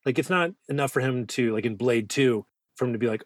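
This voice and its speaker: A male podcast co-host trades loose, joking banter about films in a casual movie-review chat, rambling and swearing freely. His voice is mid-range and brisk, picked up by a dry close mic with no room sound.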